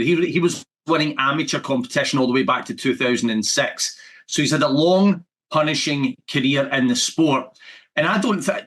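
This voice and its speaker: A man giving measured analysis as a boxing pundit. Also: mid-range voice, a bit bright. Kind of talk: boxing commentary.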